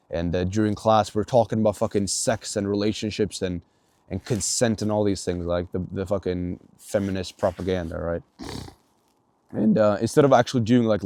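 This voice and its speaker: A man's voice: fairly low pitch, mellow, dry recording. A young man from Sweden with an American-sounding English accent, rambling through a casual video diary with frequent swearing and filler words. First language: Swedish. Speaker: vlogger.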